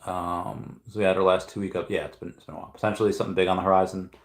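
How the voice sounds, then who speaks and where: Hosting a crypto livestream from a room at home at night, a man with a lowish, flat voice rambles, reading viewer comments and thinking aloud. He fills frequent pauses with ums and uhs, and his voice rings a little in the noticeably echoey room.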